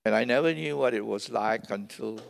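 A man's voice: on the low side, moderate pace, gravelly. A man preaching a sermon as pastor, emphatic and repeating key phrases for stress, recorded in a large church hall. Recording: long reverb of a large hall.

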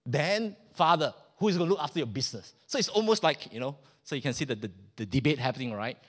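A man's voice: mid-range voice, very animated, rapid-fire. A man preaching a sermon in a casual, joking way, often asking the congregation questions.

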